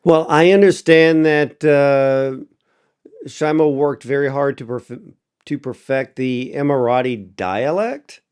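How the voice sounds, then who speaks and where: Smooth-voiced chatty American host. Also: male voice, mid-range voice, slow, a little mellow. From United States. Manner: chatty, clears throat often. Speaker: interview host. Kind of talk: conversational interview.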